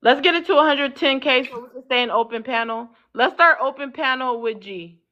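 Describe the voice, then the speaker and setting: High-voiced bossy woman hosting a live panel. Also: a little fast, sharp tone, dull audio. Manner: bossy, cuts in, hold on repeatedly. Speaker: talk show host.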